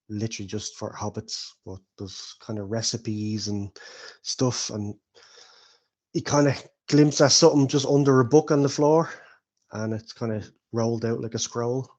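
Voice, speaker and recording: A man's voice: medium pitch, measured pace, a little mellow. A man acting as game master, casually narrating the scene and asking players for dice rolls. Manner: casual, explains rules and scene loosely.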